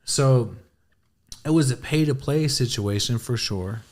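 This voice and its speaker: A man in casual podcast talk at a middle pitch, telling his story with animated energy. His speech is loaded with slang and swearing, and he acts out his own reactions as he goes. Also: unhurried. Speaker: podcast guest. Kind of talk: casual chat.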